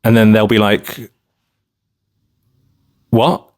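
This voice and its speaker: A man's voice: lowish voice, moderate pace. A man from London talking casually to camera in a rambling vlog monologue, full of filler phrases. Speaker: vlogger.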